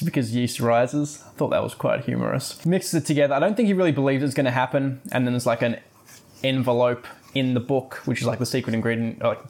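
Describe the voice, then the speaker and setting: A man hosting a podcast, casually retelling a book's plot with wry asides. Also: medium pitch. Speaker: podcast host. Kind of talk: casual book review podcast.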